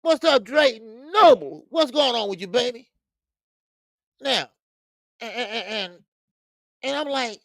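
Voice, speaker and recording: A man's voice: very high voice, expressive, slow pace, long pauses, a bit bright, no echo, clean studio sound. A man hosting a casual boxing talk livestream, slangy and rambling, greeting chat viewers by name and stumbling into stammered restarts. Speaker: boxing show host. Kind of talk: casual live-stream talk.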